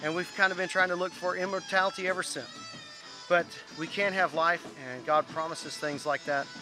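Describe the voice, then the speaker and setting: A man's voice: high voice, steady tone, normal speed, over music. A man teaching an informal Bible word study, earnest, reading scripture aloud and stumbling over Greek words.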